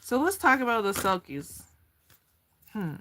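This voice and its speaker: A woman's voice: a little high, sing-song, measured pace, sharp tone, a little hiss or hum. A woman giving a casual tarot card reading, chatty and slangy, going off on tangents. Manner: chatty, slangy, laughs easily and goes off on tangents.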